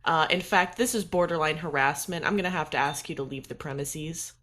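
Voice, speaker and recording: A woman's voice: sits low, a little fast, a bit bright. Woman roleplaying in an officious tone. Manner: formal, officious. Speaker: player. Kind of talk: in-character tabletop roleplay.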